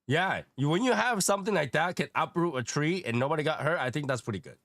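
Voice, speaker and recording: A man hosting a casual chat panel, calm and reassuring in a measured way. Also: fairly high pitch, no room sound. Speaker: panel host.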